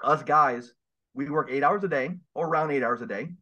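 A man's voice: on the high side, moderate pace, bright, forceful tone. Earnest preachy man, lo-fi sound. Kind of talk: casual podcast interview. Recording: dull lo-fi sound.

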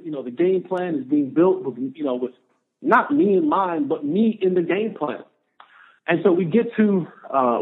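A man, a former football player, telling a story as a podcast guest, animated and repeating phrases for emphasis. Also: on the high side. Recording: tinny phone-line audio.

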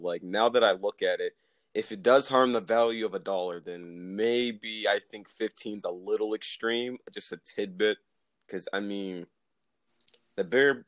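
A man's voice: on the low side, no echo. A man co-hosting a casual chat, easygoing and agreeable, thinking aloud as he talks. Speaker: podcast co-host.

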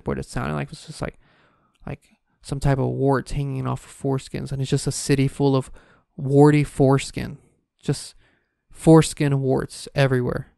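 A man's voice: mid-range voice, vocal fry, darkish tone, no room sound, studio quality. A man delivering a profane, exasperated comedic rant, exaggerating wildly. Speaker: comedic ranter.

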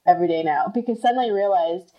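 A woman's voice: fairly low pitch, rapid-fire, highs cut off. A young woman from the United States co-hosting a podcast, telling a story in a chatty way and acting out the voices of the people in it. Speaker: podcast co-host. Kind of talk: casual chat. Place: room at home.

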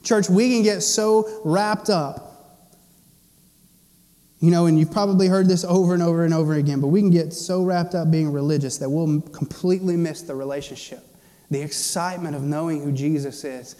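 A man preaching a sermon to his church, swinging between loud passionate stretches and hushed, quiet ones. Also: fairly high pitch, fairly even intonation, normal speed, big-room sound. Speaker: pastor.

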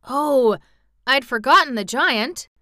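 A woman's voice: high voice, expressive, slow pace, bright, forceful tone, dry recording, studio quality, pitched above the performer's own voice, heavily acted. A woman voicing a cowardly army general who stammers nervously.

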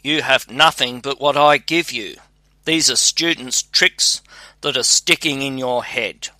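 An old woodcutter father who scolds and grumbles, quick to anger, as a man reads him aloud in a storybook. The voice is bright-toned and a little louder than the narration. It stays slow and sounds dry. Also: mid-range voice, dry recording. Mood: scolding. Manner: scolding, exasperated storybook reading.

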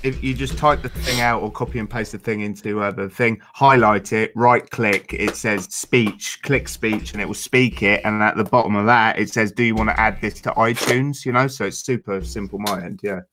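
A man co-hosting a stream, chatting casually and trailing off softly as he rambles. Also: on the low side, fairly even intonation, normal speed, hardly any pauses, background noise. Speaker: streamer co-host. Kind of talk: casual chat.

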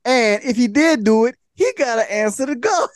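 A man's voice: very high-pitched, animated, normal speed, dry recording, studio quality. A man hosting a casual podcast chat, telling a story with lots of laughter and acted-out quotes. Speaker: podcast host.

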